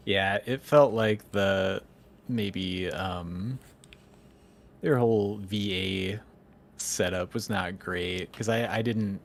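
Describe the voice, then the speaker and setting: A man co-hosting a casual gaming podcast, talking in a relaxed, laid-back way with some casual swearing. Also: lowish voice, slow pace. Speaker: podcast co-host.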